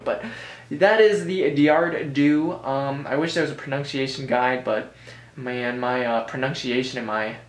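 A man's voice: mid-range voice, steady tone, a little slow, a little hiss or hum. An American man giving a casual review commentary, rambling with joking asides and frequent self-corrections. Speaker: board game reviewer. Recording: roomy echo.

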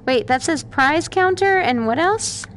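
High, jumpy mother panicking through a game. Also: animated, a little slow, fairly bright tone, slight background noise. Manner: scared, exclaiming, gasping, repeating herself. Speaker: mother playing a video game. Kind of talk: casual gameplay reactions. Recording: home recording with game music behind.

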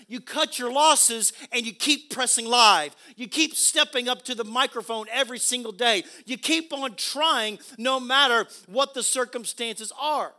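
A man preaching a sermon as pastor, emphatic, swinging from quiet asides to loud exclamations. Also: extremely high pitch, measured pace, hardly any pauses.

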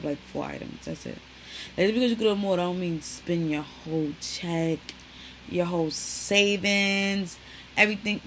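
A woman's voice: lowish voice, fairly bright tone, a little hiss or hum, low-quality recording. Chatty young woman vlogging. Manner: chatty, lots of "like" and "y'all". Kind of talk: casual chat to camera.

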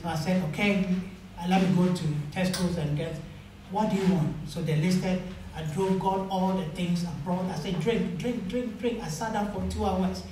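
A man preaching a sermon as pastor, telling stories and acting out the dialogue with rising pitch. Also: steady tone, normal speed, warm tone, recorded from a distance, slight background noise. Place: church. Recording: echoey church hall, mic from afar.

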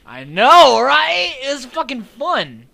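Rowdy man gamer, shrill and goofy. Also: big pitch swings, slow, vocal fry, bright, forceful tone. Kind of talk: boisterous play-acting drunk banter.

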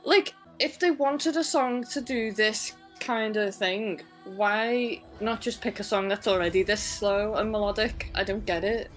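A woman's voice: medium pitch, unhurried, hardly any pauses, faint music behind, poor audio. A woman co-hosting a film reaction video in casual chat, chatty and exasperated, laughing often.

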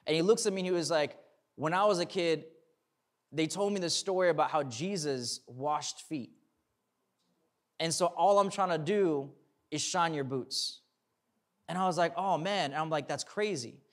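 A man's voice: a little high, normal speed. A young man, a pastor, telling a personal story in a sermon, acting out the dialogue and then preaching earnestly.

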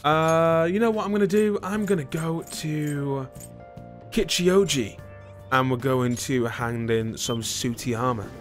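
Speaking slowly in a voice on the high side, a man with a British accent streams a video game, rambling and joking with his chat in self-deprecating fashion. It's casual let's-play commentary, with faint music behind him.

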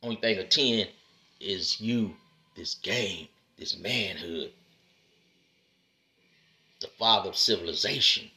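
A man lectures his listeners in a bright, forceful voice, calling them "man" and "brother" over and over. His delivery is emphatic, with loud punchy lines that drop into low, slow asides. It sounds like a street-style motivational talk aimed straight at the camera. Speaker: motivational speaker addressing men. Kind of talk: preachy direct-to-camera monologue.

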